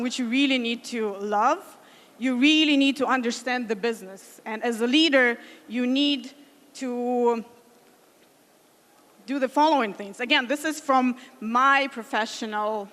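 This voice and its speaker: Woman, thirties, conference speaker; earnest, filler-heavy English; a little high, long hall reverb. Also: unhurried, fairly bright tone. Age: 30s. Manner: earnest, with frequent fillers and restarts. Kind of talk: conference talk.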